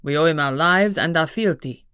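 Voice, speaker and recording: A woman's voice: low voice, normal speed, fairly bright tone, smooth, no echo, studio quality. A woman voicing a cheeky, crude male winged gargoyle with a French accent, teasing and drawling. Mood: passionate.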